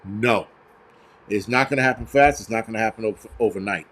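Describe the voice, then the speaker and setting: A man with a lowish, slightly bright voice speaks fairly quickly while hosting a live stream. He reads out chat and donations and answers viewers in a profane, blunt rant littered with fillers.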